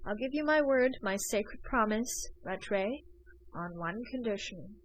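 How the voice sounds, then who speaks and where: A woman reading an audiobook voices a stubborn young man who speaks calmly and firmly. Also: mid-range voice, measured pace, dry recording, lightly acted, low-quality recording. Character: young male narrator hero, cool and stubborn.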